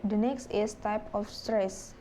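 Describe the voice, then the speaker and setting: Slow, halting woman. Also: medium pitch, fairly even intonation, dark tone, slight background noise. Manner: halting, with fillers and self-corrections. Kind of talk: classroom presentation on phonology.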